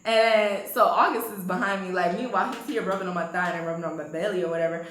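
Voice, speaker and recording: A young woman casually telling a storytime to her viewers, animated and laughing often. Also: quick pace, echoey room, rough recording. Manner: animated, laughs often, swoops high when excited.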